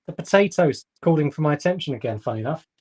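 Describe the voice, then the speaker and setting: A man's voice: on the high side, expressive, fast, a little mellow, slightly rough. Guy guesting on a live chat, dry wry jokes, easygoing voice. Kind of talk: casual live-stream chat.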